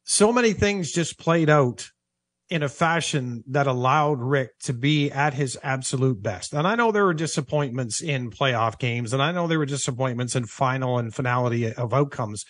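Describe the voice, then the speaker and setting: A man's voice: medium pitch, normal speed, no room sound. A man talking in an office as a sports broadcaster, reflecting in a thoughtful, earnest way and repeating himself for emphasis.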